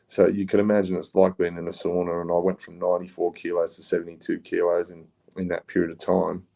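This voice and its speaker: A man's voice: low voice, monotone, fast, gravelly, dark tone. A man with an Australian accent, a podcast guest telling stories in a laid-back, rambling way with frequent ums. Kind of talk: casual storytelling.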